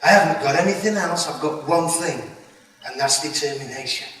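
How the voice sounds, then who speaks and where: A man's voice: on the high side, brisk, a bit bright, a little hiss or hum. A young man with a Yorkshire accent giving a motivational keynote speech, stammering and repeating words as he speaks. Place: large hall. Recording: echoey hall, from far off.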